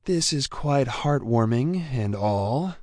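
A man's voice: mid-range voice, lively intonation, takes it slowly, a little mellow, no room sound, studio quality, voice pushed up. A man voicing a bored, sardonic male vampire in an audiobook, drawling and mocking with crude language. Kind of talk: audiobook character voice.

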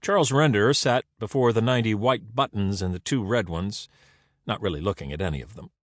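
A man narrating an audiobook in an expressive, dramatic reading. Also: fairly low pitch, fairly quick, no room sound, studio quality.

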